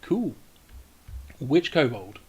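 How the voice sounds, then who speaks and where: A man narrating as game master, relaxed, with frequent hesitations while describing the scene. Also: medium pitch, extremely slow, breathy edge.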